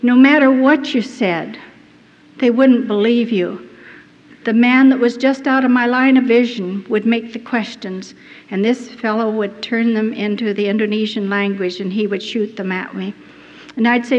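A woman's voice: on the high side, fairly even intonation, moderate pace. Earnest older woman in a reverberant hall. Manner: earnest, heartfelt storytelling. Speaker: missionary speaker. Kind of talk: testimony to an audience. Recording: dull recording in a reverberant hall.

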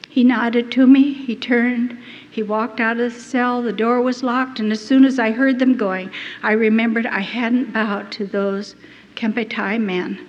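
A woman's voice: a little high, fairly even intonation, unhurried. A woman telling her own story to an audience as an earnest, emotional testimony. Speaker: speaker giving a testimony. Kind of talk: first-person testimony to an audience. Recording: dull lo-fi hall recording with faint noise.

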